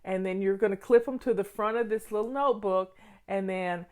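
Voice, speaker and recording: An older woman from Tennessee speaks with a warm Southern accent. She chats casually and folksily, drifting into homespun stories. Her pitch sits in a plain middle range. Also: a little fast. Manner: folksy, chatty storyteller. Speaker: home organizing host. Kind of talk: casual chat.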